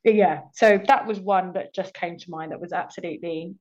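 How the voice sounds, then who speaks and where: Slightly muffled, lo-fi audio captures a young woman actor guesting on a podcast, telling stories casually while laughing often and performing her past comments. Her voice is lowish, a little mellow, and fairly quick.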